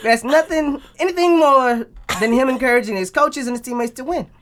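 A slick male sports agent, as a woman puts him on, waving away every rumor like a prepared press statement. The put-on accent drifts from line to line over a fairly high voice. It is improvised podcast banter rather than polished acting. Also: brisk, natural voice. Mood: smooth denial. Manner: spin-doctor press statement, accent keeps changing. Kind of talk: improvised impression.

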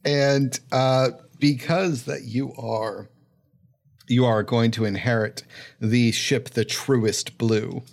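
A man runs a tabletop game, painting each scene in vivid, drawn-out detail. He speaks slowly and unhurriedly. His pitch sits right in the middle for a man. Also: fairly even intonation, gravelly. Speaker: game master.

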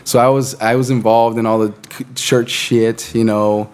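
A man's voice: mid-range voice, flat delivery, moderate pace, darkish tone, clean tone. A man in his late twenties, co-hosting a podcast in a laid-back, casual way, swearing freely and laughing often. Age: late 20s. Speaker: podcast co-host.

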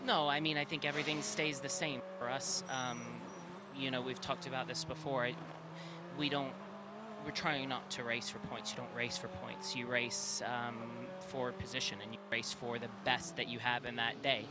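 A man, a race car driver, being interviewed in the pit lane, answering in a halting, stumbling way while he watches telemetry. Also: mid-range voice, level tone. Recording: loud race car noise behind. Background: race cars running.

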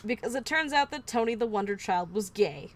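A woman hosts a casual podcast, recounting a true story with dry, wry asides. Her voice sits a little high. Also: animated, fairly quick. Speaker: podcast host. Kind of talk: casual true-crime chat.

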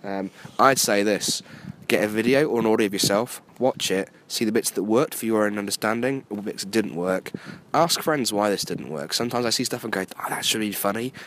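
A hoarse man with a lowish voice rambles through jokes and self-mocking asides, his voice still coming back. Faint background noise with passing trains sits behind him. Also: brisk, fairly bright tone. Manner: joking, self-deprecating, rambling. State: hoarse, voice just returning. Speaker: comedy club MC and stand-up. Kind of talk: casual chat. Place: near a train line at night.

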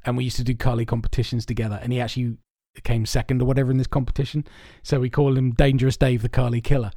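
A man's voice: mid-range voice, little pitch movement, racing, dark tone, no echo, studio quality. A man hosting a podcast, rambling through his stories with plenty of swearing, amused at himself. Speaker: podcast host. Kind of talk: casual chat.

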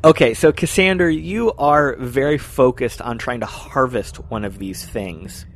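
A man's voice: medium pitch, unhurried. A man narrating as game master in a tabletop game, describing scenes unhurriedly.

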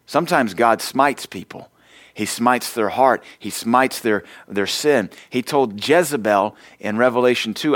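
A man's voice: medium pitch, expressive, normal speed, no echo. Middle-aged male pastor, emphatic sermon, dry close sound. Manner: emphatic preaching with quoted scripture.

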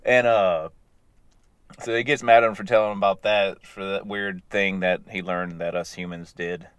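A man casually recapping animated episodes in a loose, rambling way, chuckling as he goes. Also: sits low, a little fast, clear, resonant tone, no echo.

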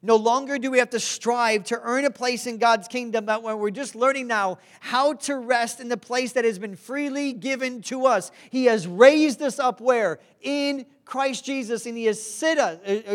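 A woman preaching a sermon, earnest and direct, who often asks the congregation to respond. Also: a little high.

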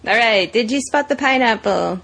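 Upbeat breathy woman, unhurried. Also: a little high, lively intonation, a bit bright. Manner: upbeat, laughing along. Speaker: podcast co-host. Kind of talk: casual chat.

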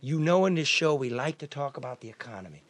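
A man from the US Midwest hosting a podcast, talking loudly and profanely, joking and restarting sentences a lot. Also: mid-range voice, lively intonation, quick pace, dry recording. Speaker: podcast host. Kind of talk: casual chat.

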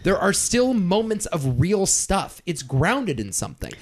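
A young man talks movies on a podcast in a slightly high, very lively voice that jumps around as he makes his case. He is emphatic and swears casually, pressing each point hard. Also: unhurried. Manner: animated, emphatic, swears freely. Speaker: podcast co-host. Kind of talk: casual movie-ranking chat.

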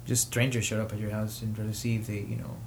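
A man hosting his own show, giving personal commentary with emotion, pausing often and rising to indignation. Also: on the low side, monotone, noisy background. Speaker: podcast host.

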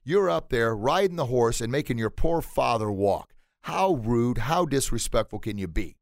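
A man voicing an indignant townsperson who yells insults in a raised, high voice. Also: animated, normal speed, vocal fry, no echo, clean studio sound. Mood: scolding. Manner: indignant, high-pitched, shouting. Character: shrill, scolding townsperson yelling insults.

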